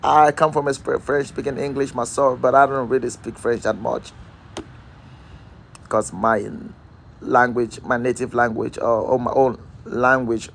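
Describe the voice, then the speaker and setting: A man's voice: mid-range voice, creaky. A man hosting a live-stream motivational talk, repeating rhetorical questions and calling out viewers by name. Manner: calls out viewers' names. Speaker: host.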